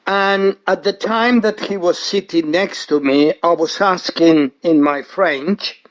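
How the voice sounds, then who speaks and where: Slow-talking man leaving a message. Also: high voice. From Spain. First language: Spanish. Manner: chatty storyteller with frequent hesitations. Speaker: guest speaker. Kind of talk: casual recorded voice message.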